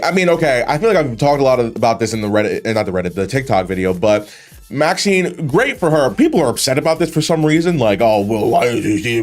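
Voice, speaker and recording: This is a man doing casual reaction commentary on wrestling, and his voice swings widely up and down as he talks. He is loose and profane, laughs often and trips over his own sentences. A faint bed of music sits behind him. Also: a little high. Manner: animated, swearing, laughs often, rambling restarts.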